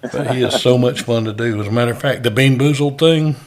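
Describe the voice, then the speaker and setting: A man's voice: mid-range voice, brisk. A man who does stand-up comedy, hosting a casual chat in a joking, easygoing way.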